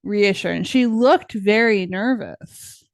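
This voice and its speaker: A woman's voice: mid-range voice, slow, no room sound. Young woman co-host, loose chatty delivery, everyday mid voice, dry studio sound. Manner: chatty, full of "like" and "right?". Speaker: podcast co-host; teacher. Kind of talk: casual chat.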